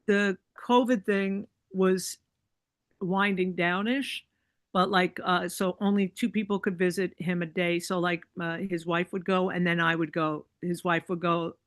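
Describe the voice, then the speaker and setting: With no echo, a woman whose voice sits on the low side and barely moves in pitch speaks at a measured pace as a podcast guest. She chats through a long personal story full of likes and you-knows, acting out what people said in their own voices. The tone is casual storytelling.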